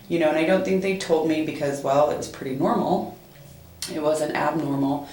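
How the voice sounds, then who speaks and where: A woman being interviewed as a mother, giving a halting personal account with many pauses and fillers. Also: sits low, warm tone, echoey room, a little hiss or hum, poor audio.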